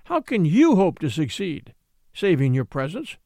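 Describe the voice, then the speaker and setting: A man's voice: fairly high pitch, huge pitch swings, moderate pace, gravelly, mellow, no echo, studio quality, full character voice. A man voicing an elderly male house steward who is stubborn, fussy and loyal, in an audiobook reading. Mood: earnest warning. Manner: obstinate, fussy and respectful.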